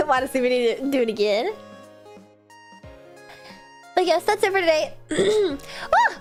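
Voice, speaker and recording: A woman streamer chatting casually and rambling at the end of a gaming stream, sleepy and a little hoarse. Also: high voice, sing-song, slow. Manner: chatty, rambling, self-deprecating. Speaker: video game streamer. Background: faint background music.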